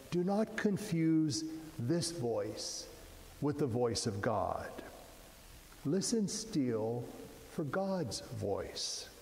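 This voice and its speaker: A man preaching a sermon as a priest, in a slow, measured delivery where his phrases soften and fall at the ends. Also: mid-range voice. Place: church. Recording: roomy church echo, long reverb.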